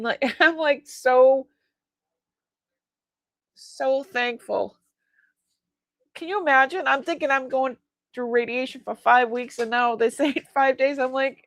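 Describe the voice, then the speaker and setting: A woman with a high-pitched, somewhat bright voice hosts a live-sale stream, chatting casually, laughing often, and telling stories with acted-out bits of dialogue. The recording is dry and studio quality.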